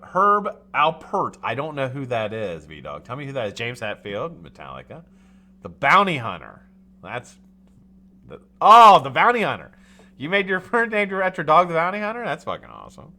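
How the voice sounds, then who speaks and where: A man's voice: medium pitch, huge pitch swings, a little fast, pushed and bright. A man in his forties from the United States hosting a casual live stream, joking, swearing and reading viewers' chat names aloud. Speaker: livestream host.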